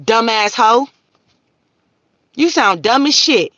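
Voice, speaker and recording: A woman's voice: on the high side, animated, slow, a bit bright, no echo, muffled recording. A woman, hosting a live stream and ranting profanely at her viewers. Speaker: livestream host.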